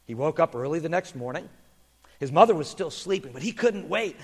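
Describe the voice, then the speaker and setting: A male pastor telling a story and leading prayer with an animated, lively delivery that sits fairly high. He goes quiet and hushed in prayer. His voice rings with long hall reverb. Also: fairly quick, slightly rough. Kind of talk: children's sermon storytelling and prayer.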